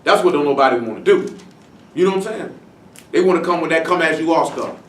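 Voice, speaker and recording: Male preacher, fairly high voice, blunt and slangy, rhetorical questions, roomy echo. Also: slight background noise. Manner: slow, stressed reading of scripture. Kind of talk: Bible-study sermon. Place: congregation meeting room. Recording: echoey room from a distant mic.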